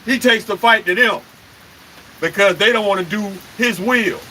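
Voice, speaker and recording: Bright-voiced, high-pitched fiery male preacher. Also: normal speed, a little hiss or hum, low-quality recording. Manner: emphatic and confrontational, with rhetorical questions and cursing. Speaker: street preacher leading a live stream. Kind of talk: impassioned live-stream preaching.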